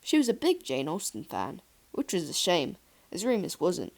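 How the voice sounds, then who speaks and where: A woman narrating a fan-fiction audiobook in a calm, steady storytelling voice. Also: lowish voice, normal speed.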